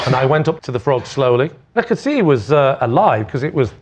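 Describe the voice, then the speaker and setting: A man's voice: medium pitch, big pitch swings, fairly quick, slight background noise. A man on a comedy panel show telling a rambling, playful story in a teasing way. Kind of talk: comic storytelling. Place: TV studio with a live audience. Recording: studio audience laughter, slightly dull.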